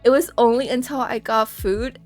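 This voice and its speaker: Young female streamer, casual giggly chat, slightly high voice over soft background music. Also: steady tone, normal speed. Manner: giggly, rambling, self-deprecating storytelling. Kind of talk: casual live-stream chat while drawing.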